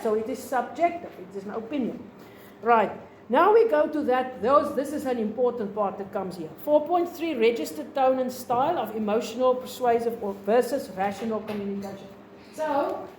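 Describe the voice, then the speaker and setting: A South African woman teaching a lesson, explaining slowly, repeating points and asking the class questions. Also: high-pitched, a little mellow, roomy sound, slight background noise, poor audio.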